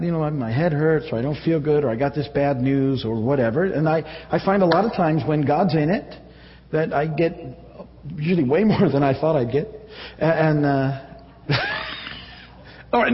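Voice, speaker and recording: Chatty male pastor in an echoey hall. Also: a little high. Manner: conversational, halting, with many fillers and restarts. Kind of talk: sermon. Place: church. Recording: echoey hall, dull audio.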